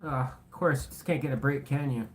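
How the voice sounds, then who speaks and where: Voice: medium pitch, a little fast. Host of a casual tarot vlog: blunt, sarcastic, rambling, swears freely, over a faint background hiss. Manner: rambling, self-correcting talk. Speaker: tarot reader. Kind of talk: casual tarot reading to camera.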